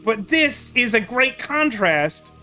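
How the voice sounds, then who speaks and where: A man's voice: very high-pitched, very animated, takes it slowly, bright, forceful tone. A man commenting on a video game in a wry, rambling way with lots of fillers. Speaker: gaming streamer. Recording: game music playing faintly behind.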